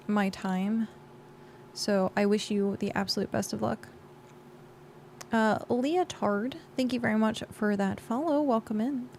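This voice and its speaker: Thanking viewers as she plays, a woman game streamer keeps up rambling, filler-heavy livestream chat. Her voice is mid-range and darkish, with a little hiss or hum on the recording.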